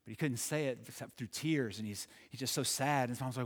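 A man telling a story in a halting way, repeating words and moving from excited to hushed. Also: medium pitch, big-room sound. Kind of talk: told story.

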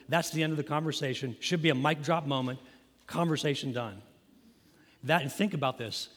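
A man's voice: a little high, normal speed, a bit bright. A man preaching a sermon as pastor in a church, talking in a conversational way and putting questions to the congregation. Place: church sanctuary. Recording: long hall reverb.

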